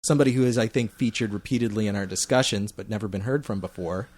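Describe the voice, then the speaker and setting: A man hosting a casual comics podcast, teasing his co-host and pausing often with fillers. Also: on the low side, darkish tone. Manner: playful, halting with many fillers. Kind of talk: casual roundtable chat.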